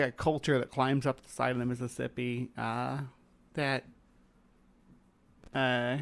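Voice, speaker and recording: A live stream host from Missouri with a slight Southern accent, rambling casually with many fillers while reacting to videos. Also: mid-range voice.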